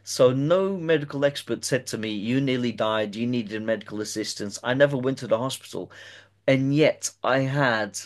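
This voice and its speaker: A man's voice: mid-range voice, moderate pace. A man interviewing a guest and recounting a personal experience at length, often hesitating and repeating words as he talks.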